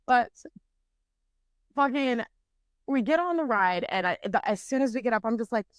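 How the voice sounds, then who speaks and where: Podcast co-host, woman in her twenties, high voice, dry close mic, animated and foul-mouthed. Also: normal speed, no echo. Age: 20s. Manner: swears constantly, animated storytelling. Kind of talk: casual chat.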